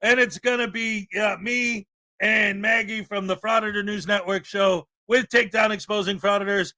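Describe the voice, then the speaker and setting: A man from the American Midwest hosting a live stream in casual chat, boisterous and given to loud hype shouts and laughter. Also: sits high, fairly even intonation, normal speed. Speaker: livestream host. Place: house in Florida.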